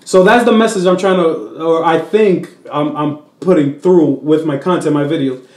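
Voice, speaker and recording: On the high side and at a normal speed, this man's voice comes across with a roomy sound. He's a comedian from the Dominican Republic chatting casually as an interview guest, moving between Spanish and English and animatedly doing voices while he tells stories.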